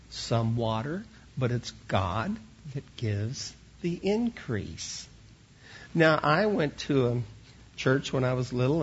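A man's voice: mid-range voice, slightly rough, lo-fi sound. A man who teaches children at church, telling an earnest sermon-style story and often repeating words as he starts a line.

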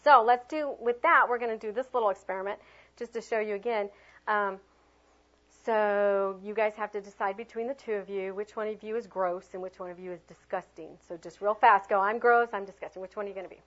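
A woman leading a teaching workshop, animated and chatty, swinging her voice high and low to demonstrate tone and prompting the group with lots of fillers. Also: brisk. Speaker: teacher trainer. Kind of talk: classroom workshop talk. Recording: dull lo-fi room recording.

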